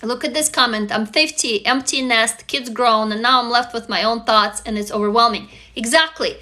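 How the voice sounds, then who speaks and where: A woman's voice: fairly high pitch, steady tone, moderate pace, pushed and bright. A woman in her forties hosting a casual live stream, talking frankly and emphatically, swearing freely and reading viewer comments aloud. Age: 40s. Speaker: live stream host leading a writing group.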